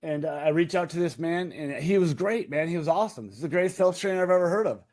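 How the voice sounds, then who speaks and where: A man's voice: a little high, fast talker, darkish tone. A man in his thirties, a podcast guest, telling a raw personal story with emphatic repetition and swearing. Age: 30s. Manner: emphatic, repeats key phrases, swears. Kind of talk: intense storytelling in interview.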